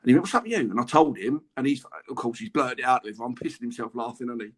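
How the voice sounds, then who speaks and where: Here the same sort of guest, a middle-aged English former football player, trades laughing anecdotes on a podcast. His pitch is medium, the pace quick, and there's a breathy edge to his voice.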